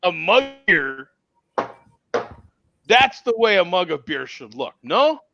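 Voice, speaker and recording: A man hosting a casual video-call beer chat, jokey and laughing often, with halting restarts. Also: high voice, very animated, creaky, pushed and bright, no room sound. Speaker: host. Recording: muffled lo-fi call audio.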